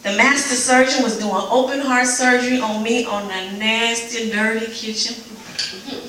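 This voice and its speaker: Woman reading her own spoken word piece, emotional, goes hushed then pleading, big echoey room, faint noise. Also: fairly high pitch, steady tone, a little slow, far from the mic. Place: live event before an audience.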